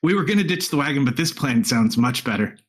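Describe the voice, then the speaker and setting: Excited guy pitching plans at the game table, laughs a lot, voice jumps all over. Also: fast talker, slightly rough. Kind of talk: in-character tabletop chat.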